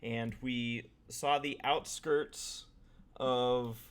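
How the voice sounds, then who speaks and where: A man's voice: mid-range voice, fairly even intonation, very slow, fairly bright tone, clean tone. Chatty man rambling on a podcast. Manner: rambling, chatty, lots of fillers and restarts. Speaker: podcast host. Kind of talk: casual podcast chat.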